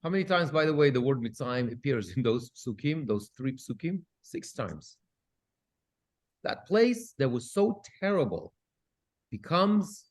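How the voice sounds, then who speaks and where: Teaching Bible study, this cantor speaks in a mid-range voice. He reads out Hebrew verses, translates them, and keeps things lively with questions.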